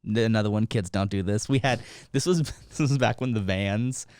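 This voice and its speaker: A man's voice: fairly low pitch, normal speed, dry recording, studio quality. A man co-hosting a podcast, telling a story in casual chat and using "like" a lot. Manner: animated storyteller, heavy use of "like". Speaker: podcast co-host.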